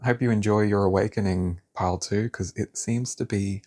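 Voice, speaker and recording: A man doing a pick-a-card tarot reading, talking in a blunt, animated, casual way and swearing now and then. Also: on the low side, a little fast, few pauses.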